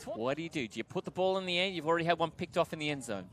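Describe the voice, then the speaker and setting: With a slightly high voice and rapid-fire delivery, an Australian man calls a game play-by-play. He's excitable and builds to shouts whenever a big play happens.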